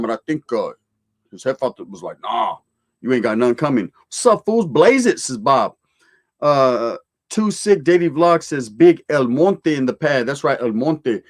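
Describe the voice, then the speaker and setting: A man hosting a casual livestream, reading out viewer comments in laid-back street slang sprinkled with Spanish words. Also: medium pitch.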